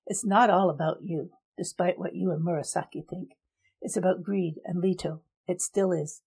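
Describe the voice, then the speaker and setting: A woman's voice: lowish voice, fairly even intonation, moderate pace, gravelly, darkish tone, breathy edge, heavily acted. A woman voicing a wry elder advisor who makes dry, frank remarks in a storybook reading.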